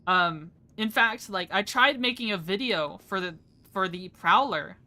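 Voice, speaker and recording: A young woman streamer talks to her chat in a bright, forceful voice. She jumps from topic to topic, rambling and laughing along the way. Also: mid-range voice, measured pace. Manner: chatty, rambling, laughs often. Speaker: VTuber streamer. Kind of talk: casual live-stream chat.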